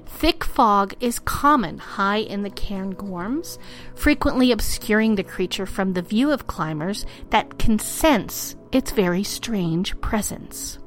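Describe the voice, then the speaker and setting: A woman's voice: medium pitch, animated, takes it slowly, soft background music. A woman hosting a spooky storytelling podcast in a playful, theatrical way, dropping into whispers and laughing at herself. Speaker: podcast host.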